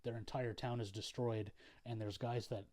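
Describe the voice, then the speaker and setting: Speaking at a moderate pace with a steady, mid-range, somewhat mellow voice, a young video creator recaps a story for the camera. His delivery is laid-back and rambling, crude, and packed with filler words.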